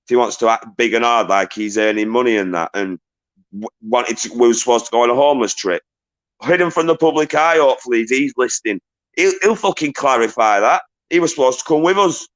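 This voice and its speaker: A man with a mid-range voice talks a little fast on a livestream, reading out viewer messages and answering them. He is agitated and ranting, swears often, and gives viewers shout-outs.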